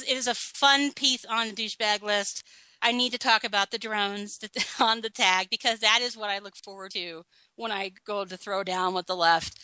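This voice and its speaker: A woman's voice: medium pitch, bright, forceful tone, no room sound, poor audio. A woman hosting a political talk show, delivering blunt, sarcastic commentary with a countdown list. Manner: sarcastic, blunt, laughing at her own list.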